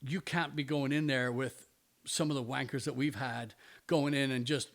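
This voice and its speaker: A man's voice: mid-range voice, fairly even intonation, normal speed. A man chatting on a podcast, rambling and restarting his sentences, with casual swearing. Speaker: podcast host, bandmate. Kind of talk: casual chat.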